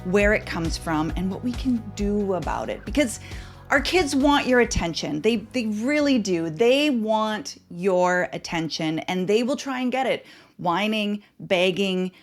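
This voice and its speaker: A woman's voice: mid-range voice, lively intonation, a little slow, faint music behind. A woman hosting a parenting podcast, giving earnest, instructive advice in short emphatic phrases.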